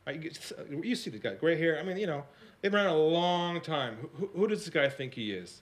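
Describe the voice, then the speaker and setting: A man giving a storytelling talk as a sales coach, dropping to a hush for quoted lines and rising high when excited, often asking the audience questions. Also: brisk. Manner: animated, swings between hushed quoted lines and high excited narration; repeats and restarts words, asks the audience questions.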